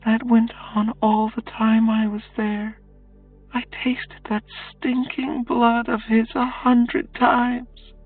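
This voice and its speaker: A woman voicing a weary young captive woman, speaking in a quiet, halting confession for an audiobook, over faint music. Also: a little high, level tone. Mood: haunted. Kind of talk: audiobook character voice. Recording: distant tinny phone-like sound, faint music.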